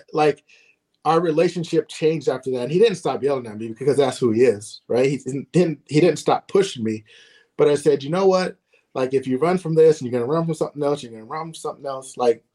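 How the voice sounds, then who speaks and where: A middle-aged man telling stories in casual podcast chat, relaxed and quick to laugh. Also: mid-range voice. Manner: relaxed, chatty, laughs often, acts out quoted shouting. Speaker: podcast co-host, former ballplayer.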